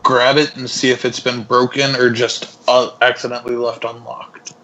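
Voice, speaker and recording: A man playing a tabletop game, speaking in a relaxed, matter-of-fact way. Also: medium pitch, normal speed, muffled recording. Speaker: player. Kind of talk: casual tabletop game chat.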